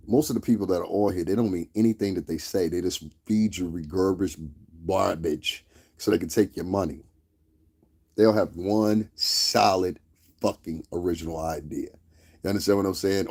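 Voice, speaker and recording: Deep-voiced man ranting on a livestream. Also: vocal fry, darkish tone, husky. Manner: blunt, heated, profane, repeats "you understand what I'm saying". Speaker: livestream host. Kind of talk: profane livestream rant.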